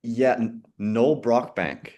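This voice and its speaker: A man on a video call in a casual quiz chat, thinking aloud, muttering softly while he recalls answers and laughing often. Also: medium pitch, slow pace, muffled recording. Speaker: quiz co-host.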